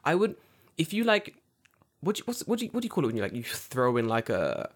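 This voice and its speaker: A man's voice: on the high side, big pitch swings, fast talker, slightly rough. Rambling, jokey man. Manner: rambling, jokey, puts on silly voices. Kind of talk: casual chat.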